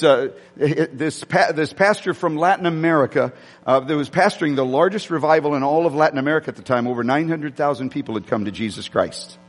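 Male pastor, fairly high voice, sermon storytelling, loose and rambling delivery, long hall echo. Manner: rambling, frequent restarts, addresses congregation directly. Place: church sanctuary.

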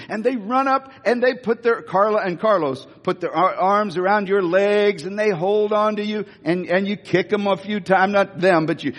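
A man preaching a sermon in an emphatic, animated way, often restarting phrases, recorded with long reverb in a big hall. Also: sits high.

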